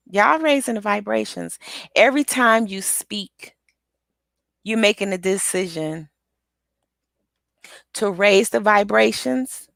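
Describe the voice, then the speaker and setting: A woman giving an energetic motivational pep talk, repeating affirmations with rhythmic call-and-response. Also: medium pitch, gravelly, no echo. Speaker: motivational speaker and author.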